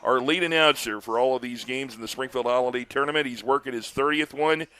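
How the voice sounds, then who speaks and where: An older man doing live baseball play-by-play, chatty and telling stories between pitches, lifting his voice on big plays. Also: brisk, bright, forceful tone, clear, resonant tone. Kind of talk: live baseball commentary with chat.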